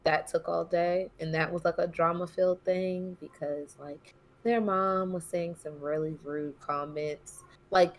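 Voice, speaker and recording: Lower-voiced young woman co-hosting a podcast. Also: steady tone, unhurried. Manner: playful, defiant denials. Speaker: podcast co-host. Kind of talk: casual chat.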